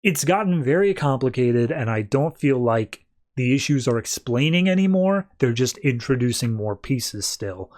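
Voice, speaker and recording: A man's voice: medium pitch, expressive, normal speed, a little mellow. A man hosting a podcast, casually recapping comic book issues in a loose, chatty way full of filler words. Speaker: podcast host.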